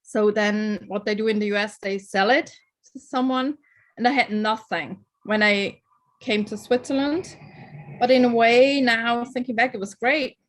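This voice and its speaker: A woman's voice: a little high, measured pace. Chatty woman on a video call. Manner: chatty, laughs at herself. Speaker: call participant. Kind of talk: casual group video call.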